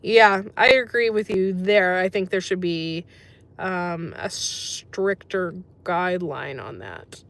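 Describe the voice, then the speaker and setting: A woman's voice: on the low side, slow pace, fairly bright tone. An American woman hosting a casual livestream, chatting with viewers and reading their comments aloud, with many ums. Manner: chatty, says um often, sympathetic. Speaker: livestream host reading chat.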